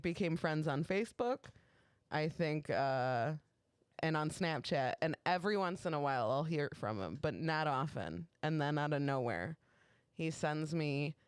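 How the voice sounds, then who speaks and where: A woman co-hosting a comedy podcast, telling stories in casual chat with animated delivery. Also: low-pitched, clear, resonant tone, no echo, studio quality. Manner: animated storytelling, frequent laughter. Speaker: podcast co-host.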